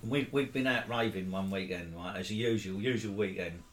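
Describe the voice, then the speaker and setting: A man's voice: deep voice, moderate pace, a little hiss or hum. Man telling stories in echoey room. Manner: rambling, laughing storyteller with sudden bursts. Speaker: co-host, storyteller. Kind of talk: casual anecdote chat.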